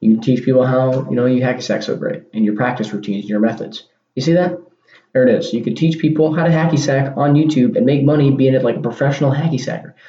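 A man's voice: mid-range voice, steady tone, fast, dark tone, a little hiss or hum. A man hosting a casual solo podcast, talking in a rambling way and often repeating and restarting his words. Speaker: podcast host. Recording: dull lo-fi sound in an echoey room.

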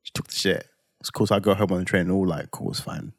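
A man, telling a personal story on a podcast in an animated, dramatic way with slang tags. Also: sits low, fast, dry recording, studio quality. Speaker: podcast co-host. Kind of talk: casual storytelling chat.

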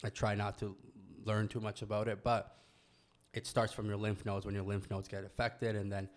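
A man's voice: on the low side, monotone, normal speed. A young man from Canada telling a personal story in casual podcast chat, loose and full of slang and swearing. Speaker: guest telling his story.

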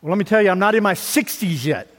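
A man in his fifties, a pastor preaching a sermon in a conversational way, dropping to low asides and rising for emphasis. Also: lively intonation, quick pace, fairly bright tone. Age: 50s. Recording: long hall reverb.

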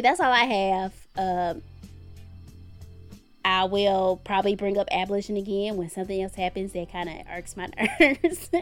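An outspoken woman talking through her views in a relaxed, blunt way, with the odd swear word. Her voice sits at an ordinary middle pitch. Faint music plays softly under her. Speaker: podcast co-host. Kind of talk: casual commentary chat.

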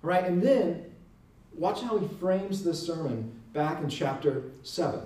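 A man with a fairly high voice gives an earnest, emphatic teaching. He keeps checking in with his listeners. The sound is roomy and echoing, and the mic sits some way off from him. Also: expressive, a little slow, dark tone, recorded from a distance. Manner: earnest, emphatic, tag question "right?".

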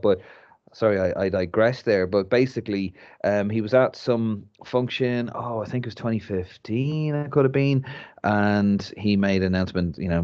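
A man's voice: deep voice, darkish tone, dull audio. A man, co-hosting a casual football chat and rambling animatedly with many restarts. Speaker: podcast co-host.

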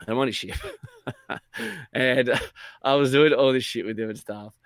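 Young male podcast co-host, casual and animated storyteller, dry close sound. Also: mid-range voice, unhurried, dry recording. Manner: animated, swears a lot, acts out quotes.

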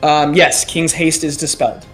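A man narrating a tabletop game as game master, speaking haltingly with many ums and uhs. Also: a little high, little pitch movement, fairly bright tone, faint music behind.

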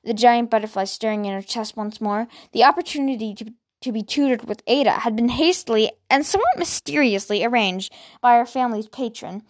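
A woman's voice: on the high side, lively intonation, fairly quick. Woman reading a storybook aloud, casual. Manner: casual, with filler words and restarts. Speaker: podcast host reading a novel aloud.

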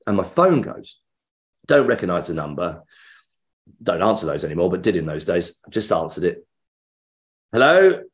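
A man's voice: deep voice, normal speed, pauses often. A middle-aged man from England, an actor being interviewed, telling an anecdote and acting out the voices in it. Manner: animated storyteller acting out quoted voices.

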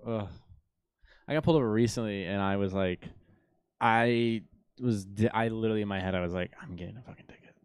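A man's voice: fairly low pitch, brisk, long pauses, clean tone, no echo, clean studio sound. A man hosting a podcast in casual chat, laughing often as he tells stories back and forth with a friend. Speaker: podcast host.

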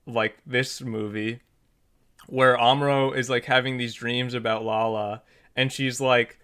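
A man co-hosting a podcast, casually recapping a film plot with lots of fillers and quick acted-out character lines. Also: medium pitch, clean tone. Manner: animated, many fillers, acts out characters' lines. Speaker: podcast co-host.

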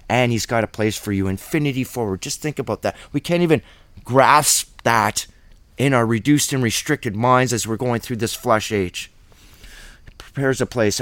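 A man's voice: medium pitch, no room sound. A man teaching scripture in a conversational Bible study, reading verses aloud and explaining them plainly.

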